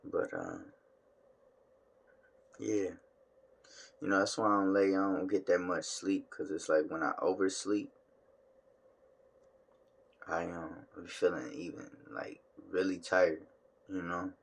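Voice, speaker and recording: A man's voice: sits low, lively intonation, slow pace, creaky, long pauses, breathy edge. A tired man talking casually to his phone camera at home, in a laid-back, slangy way that drawls and trails off. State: tired, yawning. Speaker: vlogger. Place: home room.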